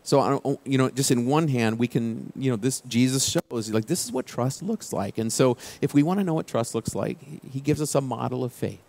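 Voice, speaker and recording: Man preaching, hushed for key lines. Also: mid-range voice, brisk, creaky, hardly any pauses. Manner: conversational preaching with sudden hushed quotes. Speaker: pastor. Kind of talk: sermon.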